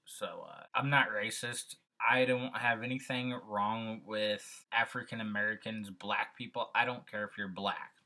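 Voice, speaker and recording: A man's voice: fairly low pitch, steady tone, a little slow, hardly any pauses, bright, forceful tone, poor audio. A young man vlogging in a casual, rambling way, chatting about his day and football. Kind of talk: casual vlog chat.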